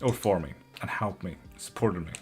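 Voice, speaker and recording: On his live tarot stream, a man speaks in a low voice with a darkish tone at a moderate pace, faint music playing behind him. The chat is casual and profane as he reads viewer comments, laughs often, and grows openly emotional and affectionate.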